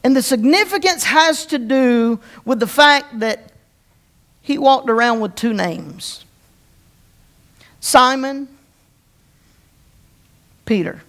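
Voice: high voice, animated, slow, pauses often, a bit bright. A pastor preaching a conversational sermon, often repeating words and restarting, and asking the congregation questions.

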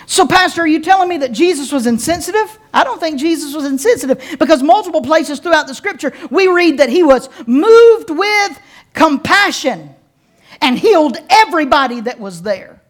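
A woman pastor preaching a sermon, folksy and playful, with slow, emphatic pauses and direct calls to her congregation. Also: high-pitched, lively intonation. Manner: folksy and playful, with casual slang.

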